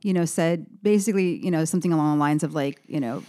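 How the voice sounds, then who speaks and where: Woman, American, young adult, low voice, dry sound, halting rambling interview talk. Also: dark tone, dry recording. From United States. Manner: rambling, halting with many restarts. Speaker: musician guest. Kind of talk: casual interview chat.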